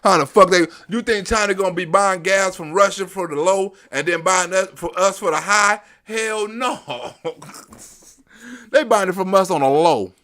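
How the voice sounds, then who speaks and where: A man hosting a comedic reaction show, talking loud and profane, mocking and laughing often. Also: sits high, normal speed. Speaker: host.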